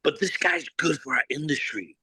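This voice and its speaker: A man's voice: on the high side, expressive, normal speed, a crowd in the background, low-quality recording. A blunt, no-nonsense man, a cigar company founder, telling a story in an interview, acting out both sides of a conversation and swearing freely.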